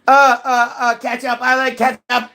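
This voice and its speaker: A man's voice: very high voice, completely flat delivery, vocal fry, sharp tone, a little hiss or hum, full character voice. A man acting out a dithering adult who stammers and names random things instead of answering. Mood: flustered. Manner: stammering, halting.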